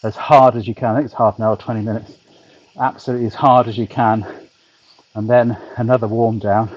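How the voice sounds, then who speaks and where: Cycling on a turbo trainer in his back garden at home, a British man talks loosely to his stream, full of ums and dry jokes. He speaks a little fast in a lowish, level voice, and the audio sounds dull.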